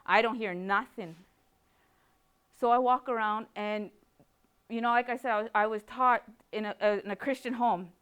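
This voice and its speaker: A woman's voice: fairly high pitch, fairly even intonation, normal speed, a bit bright, smooth. A woman from Canada giving an emotional personal testimony, speaking rawly with repeated phrases. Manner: raw, emotional, repetitive phrasing. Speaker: speaker sharing her recovery story.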